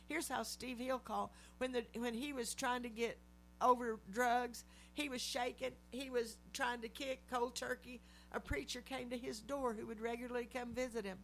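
A middle-aged woman preaching a testimony sermon, animated storytelling that acts out the voices she quotes. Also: high-pitched. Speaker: lay preacher.

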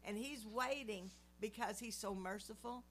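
A woman's voice: mid-range voice, moderate pace, a little hiss or hum. A woman in her seventies praying and giving an earnest devotional teaching. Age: 70s. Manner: earnest, preacherly. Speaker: Christian speaker.

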